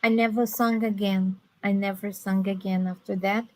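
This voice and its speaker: A woman's voice: medium pitch, normal speed, poor audio. Nasal woman. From Brazil. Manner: chatty, storytelling, animated asides. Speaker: guest on a live stream. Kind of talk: casual chat.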